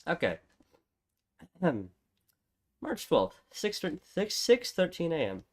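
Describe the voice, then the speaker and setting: A man's voice: on the high side, huge pitch swings, slow. A man streaming a game, chatting casually and muttering asides between reading lines. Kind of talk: casual game playthrough with voice acting. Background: game music.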